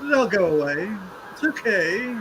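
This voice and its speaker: Man doing a snooty upper-class English aristocrat, posh put-on English accent, high and loud, drawling disdain. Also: sing-song, unhurried, noisy background. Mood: haughty.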